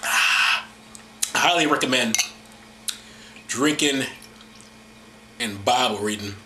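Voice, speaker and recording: A man's voice: medium pitch, takes it slowly, pushed and bright, echoey room, slight background noise. A man hosting a casual, irreverent talk, rambling, laughing and mocking as he goes. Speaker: host.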